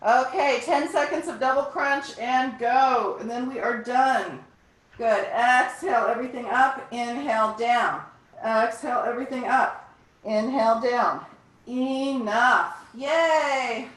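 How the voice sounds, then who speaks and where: A woman's voice: fairly high pitch, takes it slowly. A woman fitness instructor leading a live online workout class over a video call, upbeat and encouraging as she counts down reps. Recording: echoey room, distant from mic.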